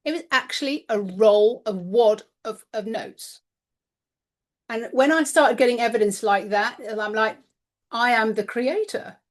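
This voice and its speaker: A woman's voice: fairly high pitch, measured pace. Chatty woman telling a story. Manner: chatty, animated, candid with mild swearing. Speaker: spiritual channel host. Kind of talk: personal storytelling monologue.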